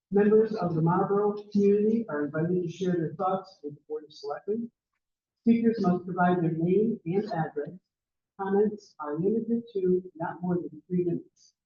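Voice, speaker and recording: A man's voice: high voice, distant mic, a little hiss or hum. A man chairing a town board meeting, speaking formally and projecting his voice without a microphone in a school cafeteria. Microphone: far room microphone. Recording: echoey, dull room recording from afar.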